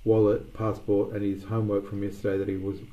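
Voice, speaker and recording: A man's voice: on the low side, completely flat delivery, fairly quick, warm tone, highs cut off. A man narrating a story aloud, reading with occasional restarts and small slips.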